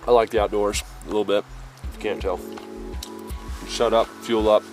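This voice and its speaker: Winded, easygoing man with a low voice. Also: little pitch movement, normal speed, over music. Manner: easygoing, folksy, says y'all. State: a little out of breath. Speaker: outdoor vlogger. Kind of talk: casual camping vlog. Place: outdoors at a mountain campsite.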